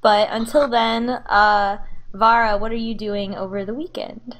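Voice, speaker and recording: A woman's voice: medium pitch, steady tone, unhurried, a bit bright. Rambling woman game master. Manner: rambling, many fillers and restarts. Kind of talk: narrating a tabletop game.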